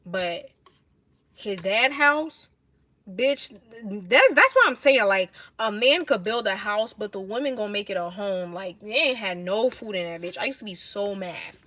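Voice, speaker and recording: A young woman with a New York accent, livestreaming and telling blunt, animated stories in casual chat. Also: medium pitch, measured pace. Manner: blunt, animated, swears a lot.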